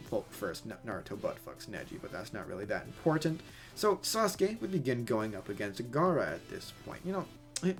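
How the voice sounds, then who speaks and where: A man casually retelling an anime plot as a rambling comedy story, full of fillers and crude jokes. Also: medium pitch.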